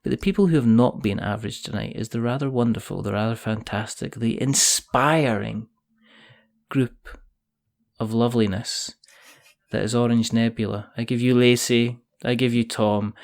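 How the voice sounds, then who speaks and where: A man's voice: on the low side, fairly even intonation, normal speed, gravelly, a little mellow. A Scottish man hosting a casual podcast chat, jokey, rambling and self-mocking. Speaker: podcast host.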